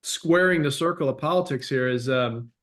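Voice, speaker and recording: A man hosting a podcast, talking in a relaxed, halting way with many fillers. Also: medium pitch. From United States. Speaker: podcast host. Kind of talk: casual chat.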